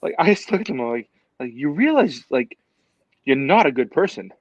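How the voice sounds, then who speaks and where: A man co-hosting a podcast in casual chat, rambling and halting, swearing casually. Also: a little high, big pitch swings, no echo, lo-fi sound. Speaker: podcast co-host.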